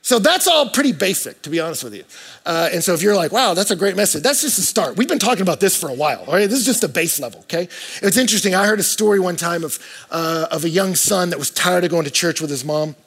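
A man preaching a sermon to his church, talking conversationally and swinging between hushed and loud moments. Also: sits high, lively intonation, quick pace. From United States. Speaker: pastor.

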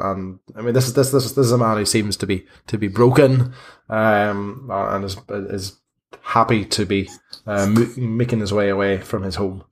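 Hesitant game master. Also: male voice, fairly low pitch, a little hiss or hum. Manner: hesitant, many fillers and restarts. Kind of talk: narrating a tabletop game.

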